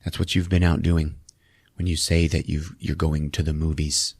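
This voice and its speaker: A man voicing a tired, fed-up husband in a low, muttered deadpan. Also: normal speed, gravelly, husky, no echo, studio quality, heavily acted. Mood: weary. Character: weary, flat-voiced husband, fed up.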